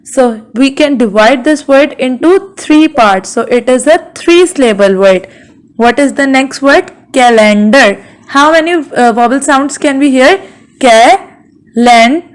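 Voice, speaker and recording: A woman with a Bangladeshi English accent, teaching a school English lesson and slowly sounding out words syllable by syllable. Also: sits high, lively intonation, rough recording. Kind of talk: classroom lesson.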